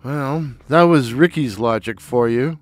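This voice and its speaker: A man narrating a dark, comic short story in a sardonic, deadpan, deliberate way. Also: a little high, no room sound. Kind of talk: dry, wry spoken storytelling.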